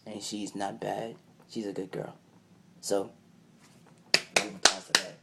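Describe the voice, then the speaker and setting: A man's voice: fairly low pitch, flat delivery, a little slow, vocal fry, fairly bright tone. A man vlogger telling a personal story in loose, slangy casual talk, keeping the tone conversational. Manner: slangy, loose, keeps saying "you feel me". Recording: noisy recording.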